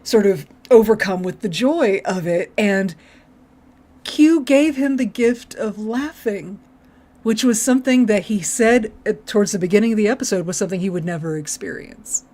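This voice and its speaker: A woman's voice: mid-range voice, normal speed, darkish tone. Woman co-host, casual recap chat, enthusiastic and profane, laughs a lot. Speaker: podcast co-host.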